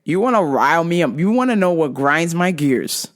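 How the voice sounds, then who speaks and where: Female podcast host, casual storyteller, foul-mouthed and very animated. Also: on the low side, moderate pace. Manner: animated, profane, ranting.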